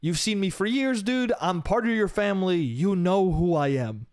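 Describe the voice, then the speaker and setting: Young male solo podcaster, slightly high voice, swears a lot, says "bro" constantly. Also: normal speed, no room sound, studio quality. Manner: profane, animated, frequent "bro" and "dude". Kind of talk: casual storytelling monologue.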